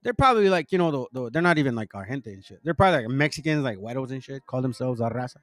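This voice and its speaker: A man's voice: medium pitch, expressive, rapid-fire, hardly any pauses, no echo, faint music behind. A middle-aged man hosting a casual preaching monologue, rambling and slangy, calling his listeners family and bro. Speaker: religious channel host.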